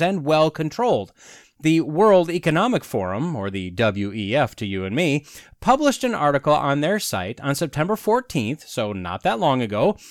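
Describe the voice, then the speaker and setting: A man's voice: mid-range voice, dry recording, clean studio sound. A man in his forties hosting a podcast, delivering a sardonic casual monologue full of rhetorical questions. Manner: sardonic, rhetorical questions, chuckles at own jokes. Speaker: podcast host.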